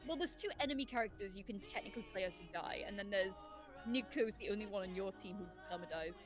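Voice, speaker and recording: A woman's voice: mid-range voice, fast talker, music in the background. A woman telling long, rambling stories in casual chat, laughing often.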